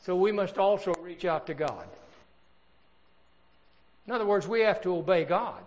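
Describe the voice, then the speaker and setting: A man's voice: high-pitched, darkish tone, lo-fi sound. An older man preaching a sermon, swelling in volume and drawing out key words. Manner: emphatic preaching with swells in volume and slowed stresses.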